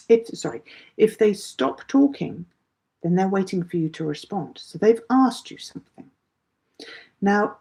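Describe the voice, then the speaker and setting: A woman's voice: on the low side, mellow. A middle-aged woman teaching a live online English lesson, patiently explaining with everyday examples.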